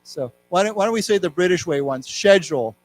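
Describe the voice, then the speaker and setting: In a library lecture room, a middle-aged American man teaches an English lesson, explaining vocabulary and slowly reading news aloud. His voice is high-pitched and animated, though the audio quality is poor.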